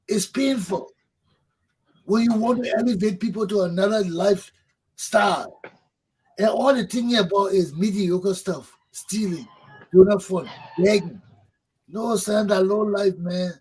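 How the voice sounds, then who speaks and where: A man's voice: high-pitched, darkish tone, husky, low-quality recording. A man, hosting a talk show, delivering a fervent political monologue that preaches, repeats points for emphasis and swears. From Liberia.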